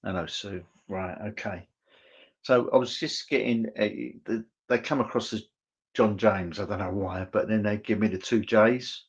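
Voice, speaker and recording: A man serving as a spiritualist medium, giving clairvoyant messages in a church service. He speaks in a gentle, reassuring way, halting often and checking in with "okay?". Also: on the low side, steady tone, breathy edge.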